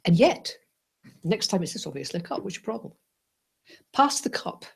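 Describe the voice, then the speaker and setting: A woman teaching a Buddhist class, playful and animated, often checking in with "right?" and "yes?". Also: medium pitch, moderate pace, gravelly, breathy edge.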